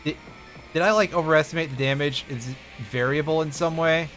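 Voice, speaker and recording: A male streamer talks through his game in a dry, self-mocking way and chats with his viewers. His voice sits a bit high and sounds bright and forceful. Game music plays faintly behind him. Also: fairly even intonation, brisk. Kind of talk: live gameplay commentary.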